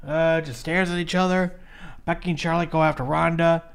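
A man's voice: on the high side, fairly even intonation, gravelly, smooth. A man co-hosting a casual podcast, recapping a wrestling match in a blunt play-by-play way. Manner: blunt, rapid play-by-play narration. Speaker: podcast co-host.

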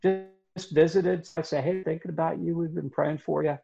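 Gravelly man telling a story earnestly. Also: on the high side, little pitch movement, highs cut off, music in the background. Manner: earnest, halting narration with fillers. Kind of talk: storytelling in conversation.

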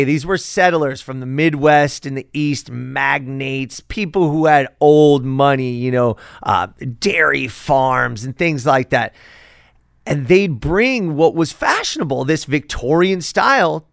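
A middle-aged man talks to his viewers in a loose, chatty vlog style, throwing out rhetorical questions. His fairly high voice swings around a lot and has a gravelly edge. The sound is close and dry. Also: lively intonation, slow pace, fairly bright tone, no room sound. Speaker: host. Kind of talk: casual vlog monologue.

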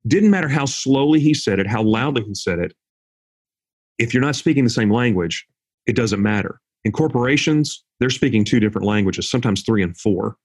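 A man speaking as an interview guest and corporate trainer, a confident and animated storyteller. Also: fairly low pitch, a little fast, slightly rough.

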